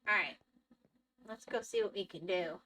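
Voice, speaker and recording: Bright-voiced woman streamer chatting casually. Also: mid-range voice, normal speed, far from the mic. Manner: chatty, answers chat and thinks aloud while playing. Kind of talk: casual live-stream chat while gaming.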